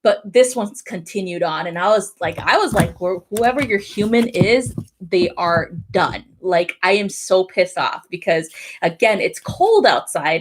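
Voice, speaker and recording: A woman's voice: on the low side, background noise. A young woman hosting a live tarot stream, chatting casually, laughing often and swearing now and then.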